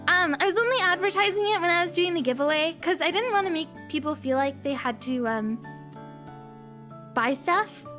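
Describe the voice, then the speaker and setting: A woman's voice: sits high, fairly bright tone. A young woman livestreaming, chatting casually with her viewers, giggling a lot and repeating her own phrases.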